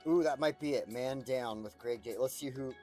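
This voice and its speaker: A man's voice: medium pitch, moderate pace, warm tone, faint music behind. Rambling, profane man streaming. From United States. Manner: rambling, profane, chuckles often. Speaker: streamer playing a city-building game. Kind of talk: casual gameplay commentary.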